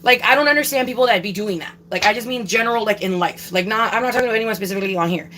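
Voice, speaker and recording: A woman's voice: mid-range voice, very fast, pushed and bright, slight background noise, poor audio. A young woman ranting casually on a livestream, swearing a lot and repeating herself for emphasis.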